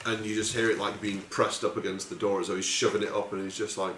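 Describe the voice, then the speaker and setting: A man's voice: lowish voice, level tone, fast, a bit bright. A man running a tabletop game as game master, narrating casually with loose, rambling asides and swearing. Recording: echoey room with faint noise.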